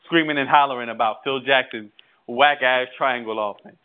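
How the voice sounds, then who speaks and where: A man in casual sports banter, lively and quick to laugh, his voice at an ordinary middle pitch. He sounds thin and tinny, like he is coming through a phone. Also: noisy background. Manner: animated, laughs between points. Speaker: podcast co-host.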